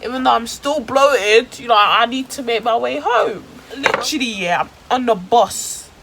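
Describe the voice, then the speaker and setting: A woman's voice: fairly high pitch, moderate pace, gravelly, a bit bright, a little hiss or hum, poor audio. A woman telling a dramatic story in casual slang for her vlog. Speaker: vlogger.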